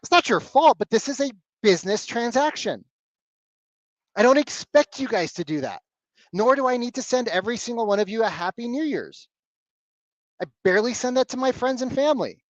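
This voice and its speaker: A man coaching salespeople live on a video call, blunt and animated, swearing casually. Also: extremely high pitch, a little fast, dry recording, highs cut off.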